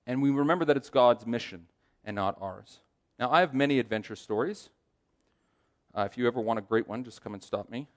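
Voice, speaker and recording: A man's voice: medium pitch, a little fast. A man telling a personal testimony as a sermon, acting out the voices of the people in his story. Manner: animated storyteller, acts out quoted voices. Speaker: aspiring chaplain giving a testimony.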